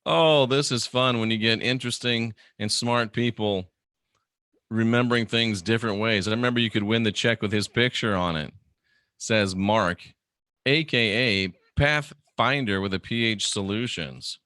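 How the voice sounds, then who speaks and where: Man, livestream host, bright forceful voice, dry close sound, muses and reads chat comments aloud. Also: fairly low pitch, normal speed, dry recording.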